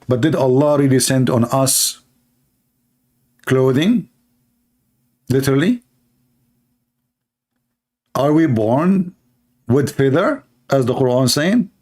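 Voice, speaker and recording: A man giving sarcastic, mocking commentary while reading texts off a screen, speaking English with non-native phrasing and breaking into sudden high-pitched exclamations. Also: darkish tone. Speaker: online commentator.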